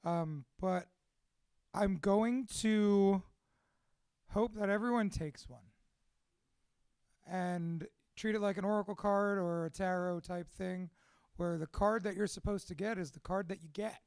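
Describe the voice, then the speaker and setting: A man's voice: high-pitched, measured pace, long pauses, clear, resonant tone, no echo. A man who runs a tattoo studio, talking casually and with a lot of swearing to a room of people at a gathering he hosts. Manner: profane, excitable, heartfelt. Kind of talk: casual live talk to a room. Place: room with an audience.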